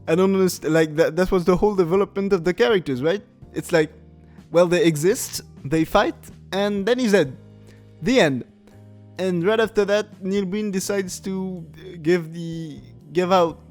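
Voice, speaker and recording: A man's voice: high voice, darkish tone. A man hosting a podcast, rambling casually through a comedic film review with frequent laughs and filler words. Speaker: podcast host.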